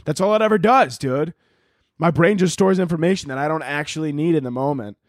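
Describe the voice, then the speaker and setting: A young man hosting a casual solo podcast, rambling and swearing constantly, and jumping into loud, high-pitched voices when he quotes people. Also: fairly quick, no echo, clean studio sound. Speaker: podcast host.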